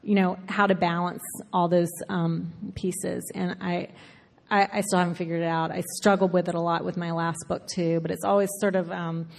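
Speaking to a live audience, this woman author from Alabama talks over her writing with a slight Southern accent and a lowish, gravelly voice. The interview is conversational and thoughtful, though she often interrupts herself, uses fillers, and laughs a lot, all echoing in a reverberant hall.

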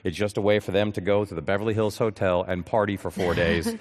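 A man as a guest on stage, chatting casually with deadpan, self-deprecating jokes and halting restarts. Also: fairly low pitch. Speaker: guest actor. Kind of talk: casual interview chat. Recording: live hall reverb.

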